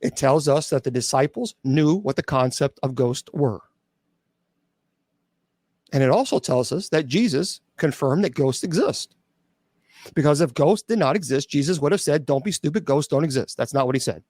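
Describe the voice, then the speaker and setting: A man's voice: a little high, lively intonation, moderate pace, a little mellow, no echo, clean studio sound. A celibate clergyman taking viewer questions on a livestream, blunt and sarcastic, with frequent restarts and stumbles.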